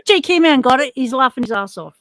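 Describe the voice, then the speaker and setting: A woman's voice: high voice, expressive, a little fast, crowd noise, poor audio. A woman co-hosting a casual livestream, chatty and teasing as she greets viewers by name. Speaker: livestream co-host.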